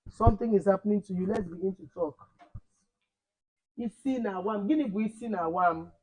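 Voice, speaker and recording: A man teaching a language lesson online, repeating words slowly and correcting his pupils. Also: sits high, darkish tone, rough recording.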